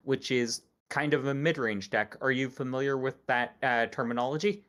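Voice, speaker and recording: A man hosting a casual podcast chat, explaining things in a measured way. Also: medium pitch, fairly bright tone. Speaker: podcast host.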